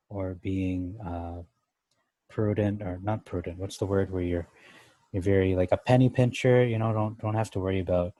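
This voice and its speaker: A man's voice: low voice, mellow, dry recording. A man teaching through a Bible chapter, thinking aloud as he reads and explains verses, comparing translations. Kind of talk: casual Bible study commentary.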